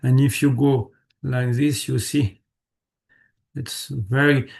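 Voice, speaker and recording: Gravelly-voiced male meditation teacher. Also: medium pitch, fairly even intonation, slow. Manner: patient, repeats words, checks students often. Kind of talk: live online class instruction.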